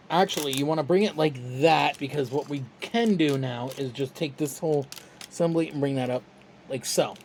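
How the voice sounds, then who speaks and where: A toy reviewer talking through a step-by-step tutorial in a relaxed, chatty, self-deprecating way. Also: mid-range voice, a little hiss or hum.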